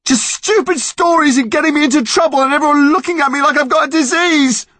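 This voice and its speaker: A shrill, desperate young boy. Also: expressive, a little slow, dry recording. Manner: shouting, pleading, desperate. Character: grieving, furious young boy.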